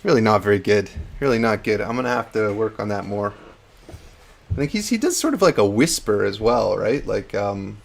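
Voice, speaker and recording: A man's voice: fairly low pitch, lively intonation, moderate pace, creaky. A man hosting a live hobby-painting stream, chatting casually and laughing at himself. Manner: chatty, self-deprecating, laughs often. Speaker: host.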